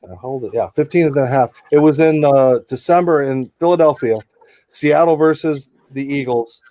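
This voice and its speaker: A man's voice: mid-range voice, moderate pace, mellow, dry recording. Chatty middle-aged man telling stories. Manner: chatty, rambling, many asides. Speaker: sports reporter guest. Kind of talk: casual storytelling interview.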